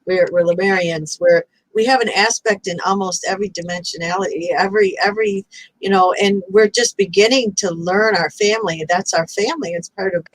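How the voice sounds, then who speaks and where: A woman's voice: medium pitch, fairly quick, a little hiss or hum, poor audio. A woman hosting a chat over a video call, speaking in an effusive, enthusiastic way. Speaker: host. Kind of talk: casual chat.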